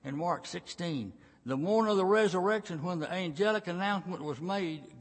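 A man in his sixties preaching a sermon in a church, telling the story in a folksy, dramatic way that swings between loud and hushed passages. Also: high-pitched, moderate pace, few pauses. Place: church sanctuary. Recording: long reverb of a large church.

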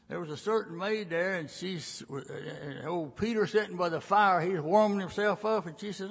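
A man in his sixties preaching a sermon in a church, telling the story in a folksy, dramatic way that swings between loud and hushed passages. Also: high voice, animated, normal speed, vocal fry, hardly any pauses, husky. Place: church sanctuary. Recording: long reverb of a large church.

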